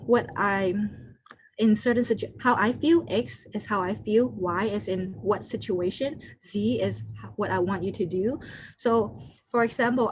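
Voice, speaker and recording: A woman's voice: mid-range voice, slight background noise, rough recording. Woman giving an online skills workshop. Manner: loose, unscripted, many fillers, acts out short quoted lines. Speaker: workshop presenter. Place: home room over a video call. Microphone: computer mic on a video call.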